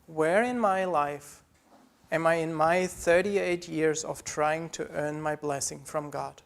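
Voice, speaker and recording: A man's voice: fairly high pitch, steady tone, slow pace, creaky. A man preaching a sermon as pastor, earnest and pleading, building through repeated phrases.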